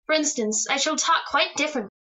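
A woman's voice: high-pitched, fairly quick, bright, forceful tone. A woman voicing a playful, affectionate teenage daughter in a radio drama, teasing and bubbly. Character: playful, adoring teenage daughter putting her hair up.

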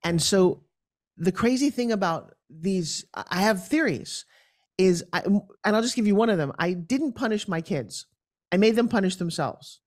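A woman's voice: medium pitch, expressive, moderate pace, a little mellow. Middle-aged woman guest, chatty, big storyteller, jumps into silly voices for quotes. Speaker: guest, pitch expert. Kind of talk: animated storytelling interview.

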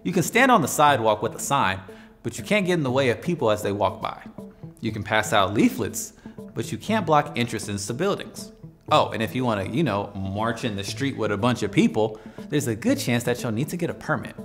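A man's voice: mid-range voice, big pitch swings, brisk, fairly bright tone. A man hosting an educational explainer video in a playful, conversational way. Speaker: host. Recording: faint music behind.

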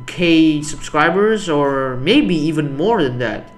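Rambling young man, slightly high voice. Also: lively intonation, takes it slowly, soft background music. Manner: rambling, self-deprecating, restarts a lot. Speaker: YouTuber. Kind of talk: casual screen-recorded commentary.

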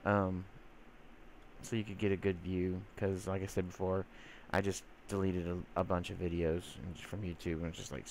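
This deep, level-toned gamer speaks at normal speed with a slightly mellow quality, slight background noise behind him. His commentary is rambling and filler-heavy, and he occasionally coos teasingly at game mobs.

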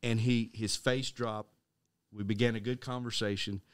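A middle-aged man with a low voice tells a story on a casual faith podcast, stopping and restarting his sentences as he goes. He acts out the voices of the people in his story. The sound is dry and close to the mic. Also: flat delivery, normal speed, clear, resonant tone, dry recording. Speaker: podcast co-host. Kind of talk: casual Christian podcast conversation.

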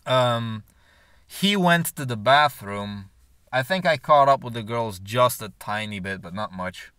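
A man's voice: mid-range voice, lively intonation, measured pace, bright, forceful tone, smooth, no echo, studio quality. A man telling a long personal story in a rambling, profane way, full of filler words. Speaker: vlogger. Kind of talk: casual storytelling monologue.

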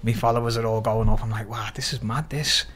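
A man from Liverpool with a Scouse accent, a podcast guest lively retelling his story with quoted dialogue and plenty of swearing. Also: lowish voice, fast, slight background noise. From Liverpool, England. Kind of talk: casual storytelling interview.

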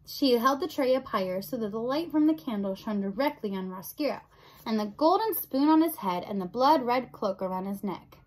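A woman reading a children's novel aloud in an expressive storybook narration. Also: fairly high pitch, normal speed, poor audio. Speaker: audiobook reader.

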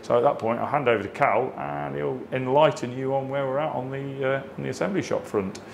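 A man's voice: medium pitch, fairly quick, creaky, slight background noise. A man giving a casual workshop update on paint prep, speaking steadily and hesitantly. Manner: steady and hesitant, many fillers and restarts. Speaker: body shop lead.

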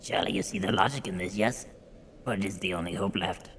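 A deep, ancient ice spirit speaks in a slow, grave, drawn-out voice, as a man puts it on while playing a game. The tone is ominous and solemn, pitched well below an ordinary man's talk, with a faint hiss of noise underneath. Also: fairly bright tone. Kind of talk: gameplay dialogue read in a put-on voice.

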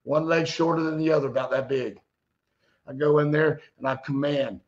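A man preaching a fervent sermon, getting loud and exclaiming, telling stories with quoted dialogue. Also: on the high side, fairly even intonation, moderate pace, lo-fi sound.

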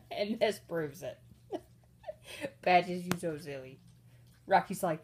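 A woman narrating her pets at home while filming on a handheld phone, chatty and giggly, slipping into squeaky voices for the animals. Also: lively intonation, takes it slowly, long pauses, a little mellow, slight background noise. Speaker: pet vlogger. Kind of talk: casual off-camera narration of pets. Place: indoors at home. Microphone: handheld phone camera.

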